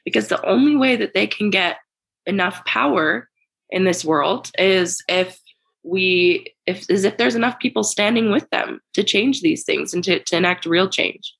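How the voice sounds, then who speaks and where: A woman's voice: medium pitch, a little slow, vocal fry, a bit bright, slightly rough. A woman taking part in a book discussion podcast, answering in a thoughtful, earnest way. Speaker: discussion participant.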